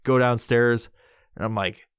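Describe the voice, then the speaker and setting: A man with a middle-pitched voice rambles through a story of his own as a podcast host, swearing freely and trailing into restarts. The sound is dry and close, with no room in it. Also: steady tone, a little slow, smooth, dry recording. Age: adult with a son. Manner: profane, rambling, acts out his own panicked voice in high squeals. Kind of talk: casual storytelling.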